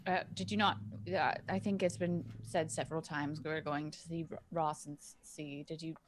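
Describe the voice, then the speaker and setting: A woman's voice: low voice, fairly even intonation, normal speed. A woman playing at a tabletop game, making dry, wry remarks. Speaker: player. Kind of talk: casual tabletop play.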